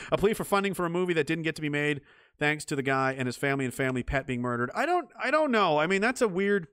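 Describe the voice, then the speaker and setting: A man's voice: a little high, sing-song, quick pace, fairly bright tone, clean tone, no echo, studio quality. A man hosting a livestream, talking casually and reading out viewer comments, ranting and swearing. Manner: profane, ranting, mocking voices. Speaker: livestream host.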